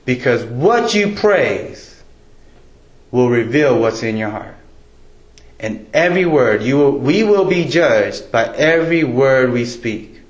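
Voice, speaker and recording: A man's voice: medium pitch, lively intonation, slow pace, muffled recording. Casual preaching man, echoey church. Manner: conversational, joking with the congregation. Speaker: pastor. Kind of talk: casual sermon. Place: church sanctuary. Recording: echoey church room, faint ambience.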